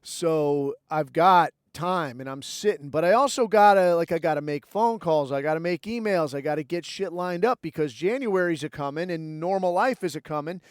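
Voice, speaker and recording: A podcast host rants at length in a blunt, combative way, swearing nearly every line. His voice sits high for a man, and the sound is dry and close with no room echo. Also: expressive, moderate pace, few pauses, clear, resonant tone. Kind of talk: profane ranting monologue.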